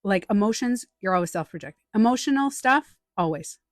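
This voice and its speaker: A woman hosting a casual live stream as a life coach. She talks in an animated way, acts out other people's voices and repeats short phrases for emphasis. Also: mid-range voice, fairly quick, no echo, studio quality.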